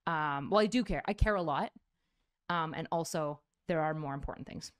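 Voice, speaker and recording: A woman's voice: low voice, normal speed. A woman content creator talking bluntly and profanely in a rambling casual stream. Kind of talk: clip of casual stream talk.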